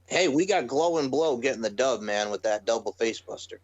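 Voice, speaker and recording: A man co-hosting a casual wrestling podcast, excitable and sarcastic. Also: medium pitch, a little fast, no room sound, dull audio. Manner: excitable, sarcastic, swears freely. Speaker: podcast co-host.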